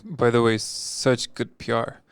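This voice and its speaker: A man co-hosting a podcast, answering back with quick, defensive replies in casual chat. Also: medium pitch, flat delivery, smooth, dry recording. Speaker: podcast co-host.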